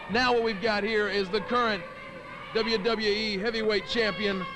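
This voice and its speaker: A man's voice: sits high, fairly even intonation, moderate pace, background noise. A man doing brash, taunting color commentary for a wrestling show, boasting and mocking the wrestlers.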